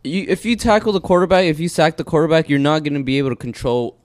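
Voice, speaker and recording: A man's voice: on the high side, fast, no room sound, studio quality. Rambling, swearing man. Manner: rambling storyteller, swears freely. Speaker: podcast co-host. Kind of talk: casual chat over beers.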